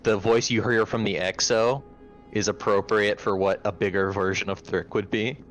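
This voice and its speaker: A man at a tabletop game, explaining things in halting, restarting sentences. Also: on the low side, steady tone, faint music behind. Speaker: player.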